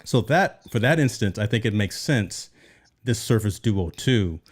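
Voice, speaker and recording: Chatty tech show host, low-voiced man. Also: animated, a little slow. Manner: conversational, explains with repeated "right?". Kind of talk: casual tech chat.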